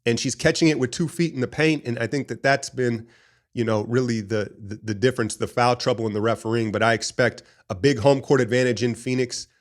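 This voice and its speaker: A man hosting a casual basketball talk show, rambling and opinionated in an animated fan's way. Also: medium pitch, fairly quick. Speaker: sports podcast host. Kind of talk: casual sports commentary.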